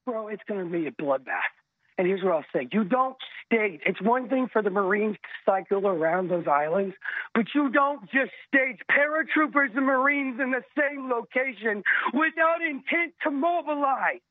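Male caller, tinny phone audio, high voice, fervent sermon-like rant. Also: normal speed, dry recording. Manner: urgent, preaching, swings from low and steady to shouting. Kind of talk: impassioned call-in rant.

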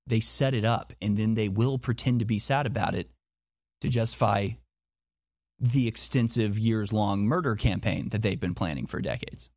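A man's voice: fairly low pitch, normal speed, darkish tone, no echo, clean studio sound. A man talking in a monologue, insistent, firing off repeated rhetorical questions and often restarting his sentences. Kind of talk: monologue commentary.

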